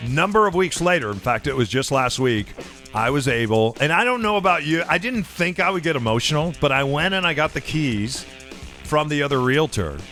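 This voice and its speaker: A man's voice: a little high, lively intonation, a little fast, bright, forceful tone, soft background music. Earnest storytelling man, radio co-host. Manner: earnest, storytelling, a bit emotional. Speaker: co-host and realtor. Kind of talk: casual radio chat.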